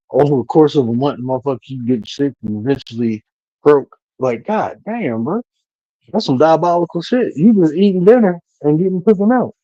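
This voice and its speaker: Man panelist streaming from home, loose and profane, dark tone, dull dry audio. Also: medium pitch, no echo. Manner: blunt, profane and animated storytelling. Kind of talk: casual live-stream panel talk.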